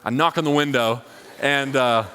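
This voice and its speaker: A man's voice: medium pitch, moderate pace, sharp tone, smooth. A young man giving a casual, rambling sermon, full of fillers, to a live audience. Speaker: college ministry speaker. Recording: long hall reverb.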